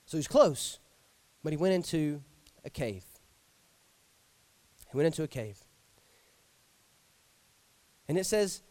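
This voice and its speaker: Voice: medium pitch, slow pace, pauses often, no echo. A preacher delivering an emphatic Sunday sermon in church and acting out the lines they quote. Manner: animated, emphatic, acts out quotes. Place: church sanctuary.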